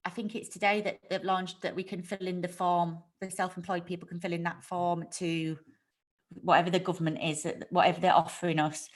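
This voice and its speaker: A woman with a northern English accent hosting a casual livestream chat over a video call, chatty and quick to laugh. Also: on the low side, level tone. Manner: chatty, laughs often, restarts sentences. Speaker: host.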